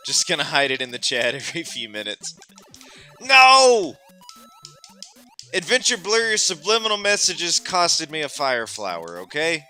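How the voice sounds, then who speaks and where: A man hosting a relaxed gameplay stream, with frequent exclamations and laughter. His voice is very bright and lively, leaping up and down in pitch. Faint music plays underneath. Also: moderate pace, hardly any pauses. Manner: animated, exclamatory, laughs often. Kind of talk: casual gameplay chat.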